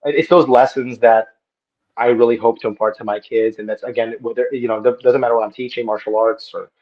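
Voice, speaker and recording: A man in his thirties talking in an earnest, animated way in a casual podcast conversation, as a guest martial arts instructor on a video call. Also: medium pitch, quick pace, dull audio. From Texas.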